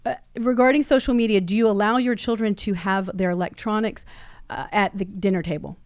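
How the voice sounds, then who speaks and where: A middle-aged woman hosts a casual podcast in a playful, teasing way, firing off quiz questions. Her voice sits at a medium pitch, and the recording is dry with little room sound. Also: steady tone, fairly quick, dry recording. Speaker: podcast host and company owner.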